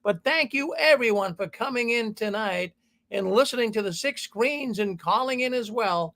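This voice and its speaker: Man, call-in host, gravelly, high voice, rambling. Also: expressive, normal speed, a bit bright. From Boston. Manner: rambling, repeats himself. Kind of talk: call-in show hosting.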